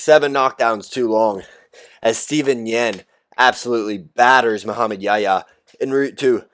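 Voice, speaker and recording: A man hosting a solo recap show, talking through fight results in a casual, blunt, chatty way with loose fillers. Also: medium pitch. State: out of breath. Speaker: podcast host recapping fights.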